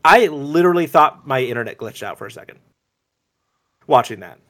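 A man co-hosting a podcast in casual chat, excitedly rambling and acting out scenes. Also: medium pitch, brisk. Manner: excited, rambling, acts out scenes in quoted voices. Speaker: podcast co-host.

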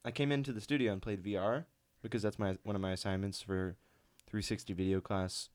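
A man's voice: fairly low pitch, steady tone, a little fast, a little mellow. A man in his twenties co-hosting a podcast, talking in a laid-back, drawling way with lots of fillers. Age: 20s. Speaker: podcast co-host. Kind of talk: casual chat. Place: podcast studio.

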